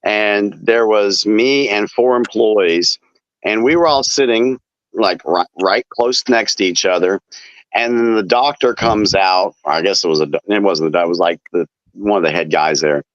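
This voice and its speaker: A man hosting a casual chat, telling defiant stories in a relaxed way. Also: fairly low pitch, normal speed, no room sound. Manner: relaxed storyteller, defiant anecdotes. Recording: dull lo-fi dry sound.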